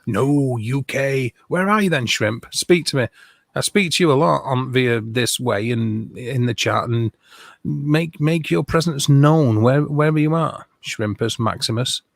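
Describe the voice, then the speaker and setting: Brief: male guest, gravelly voice, dry close sound, crude jokey banter. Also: mid-range voice, a little slow, dry recording. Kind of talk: casual live-stream chat.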